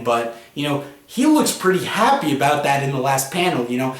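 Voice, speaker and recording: A man's voice: medium pitch, big pitch swings, normal speed, few pauses. Chatty man reviewing comics, roomy sound. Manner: chatty, many fillers and 'you know'. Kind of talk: casual spoken review. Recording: roomy echo.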